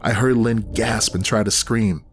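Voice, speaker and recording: Guy narrating a horror story, lowish voice, steady and tense, bit of faint noise. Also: unhurried. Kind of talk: scripted horror audiobook narration.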